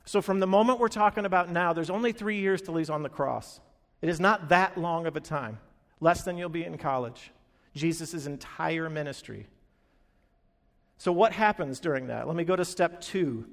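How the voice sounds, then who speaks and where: A man's voice: a little high, normal speed. A man preaching a sermon, telling the story with animation and acting out the quoted lines. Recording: long hall reverb.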